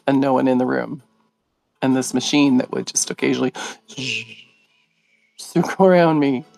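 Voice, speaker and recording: A middle-aged woman hosting a live video, telling a story in a casual, animated way, laughing often and acting out what others said. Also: extremely low pitch, gravelly, no room sound. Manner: animated, laughing, acts out quoted voices.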